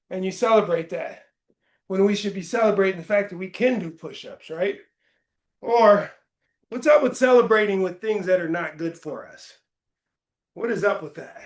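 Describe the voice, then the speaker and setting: A male fitness coach leading a live workout, counting reps aloud between short chatty asides, straining from the effort. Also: high voice. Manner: slow, deliberate counting while exercising, with brief chatty asides. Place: indoor gym studio. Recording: echoey gym room.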